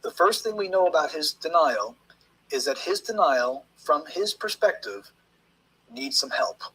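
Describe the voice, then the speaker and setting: A man working as a statement analyst, teaching in a measured, emphatic way how to read interview language. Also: a little high, sing-song, bright, forceful tone, husky, low-quality recording. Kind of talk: explanatory lecture on interview language.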